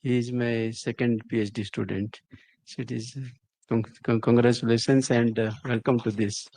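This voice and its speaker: An older man with an Indian English accent giving a halting, emotional speech at a ceremony. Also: mid-range voice, flat delivery, gravelly, a little mellow. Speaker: senior professor giving a speech.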